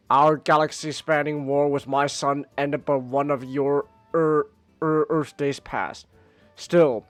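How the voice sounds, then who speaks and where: A man voicing a wise old alien patriarch, reading comic dialogue slowly and solemnly. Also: on the high side, no echo, close to an everyday voice. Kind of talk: reading comics aloud on stream.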